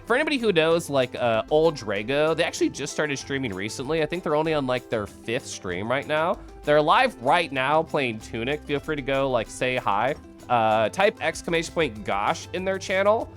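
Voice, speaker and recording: Hoarse Midwestern man streaming. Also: on the high side, big pitch swings, normal speed, fairly bright tone, faint music behind. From American Midwest. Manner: loose, profane and chatty with frequent laughs. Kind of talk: casual livestream chat.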